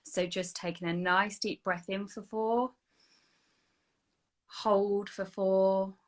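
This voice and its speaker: A woman guiding a slow, soothing breathing and energy healing meditation, sometimes dropping to a soft whisper. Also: mid-range voice, fairly even intonation. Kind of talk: guided meditation. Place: online video session.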